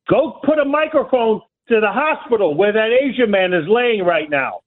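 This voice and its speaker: A middle-aged man from Brooklyn, an angry caller on a talk radio show who yells and keeps repeating his accusations over a phone line. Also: high voice, animated, normal speed, few pauses. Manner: yelling, fed up, repeats accusations. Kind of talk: angry call-in rant.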